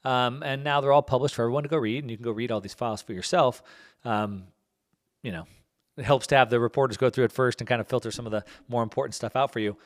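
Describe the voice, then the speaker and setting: A man's voice: medium pitch, fairly even intonation, fast talker. A man hosting a podcast, talking off the cuff in a rambling way, with many fillers and restarts. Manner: plugs his own book. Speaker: podcast host. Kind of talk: casual podcast monologue.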